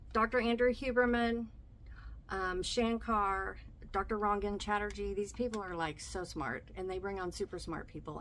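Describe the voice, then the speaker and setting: A middle-aged woman with a drawl chats casually to her viewers. She speaks slowly, pausing often on "um" and repeating phrases as she goes. A faint hum sits under her voice. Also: medium pitch, a bit bright. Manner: hesitant, frequent ums, repeats phrases. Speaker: vlogger. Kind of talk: casual vlog talk recommending podcasts.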